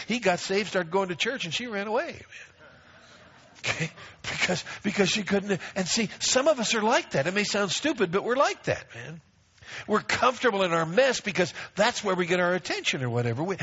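A man's voice: high-pitched, big pitch swings, moderate pace, fairly bright tone, husky. A middle-aged man pastor preaching a sermon, emphatic, repeating phrases and acting out quoted voices. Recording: dull lo-fi recording.

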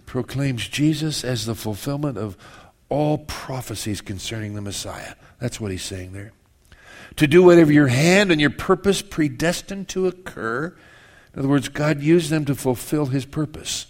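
A man's voice: medium pitch, expressive, moderate pace. A male pastor preaching a sermon in a conversational way, acting out people's prayers with humorous asides.

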